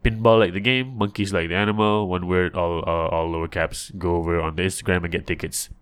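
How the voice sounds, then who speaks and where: A man's voice: sits low, fairly even intonation, a little fast, a bit bright, smooth. A man giving a casual, upbeat podcast introduction, full of fillers and plugs for an upcoming show. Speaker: podcast host.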